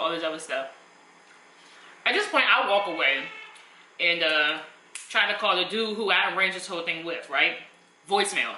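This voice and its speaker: A woman's voice: mid-range voice, bright, forceful tone, echoey room, a little hiss or hum, low-quality recording. A young woman, telling a story casually and emphatically while eating. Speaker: vlogger.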